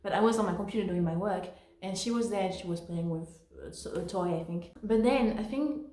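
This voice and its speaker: A woman's voice: medium pitch, a little fast, warm tone. Chatty woman in an echoey room. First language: French. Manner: rambling, full of fillers and self-corrections. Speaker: vlogger telling work stories. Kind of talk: casual storytelling.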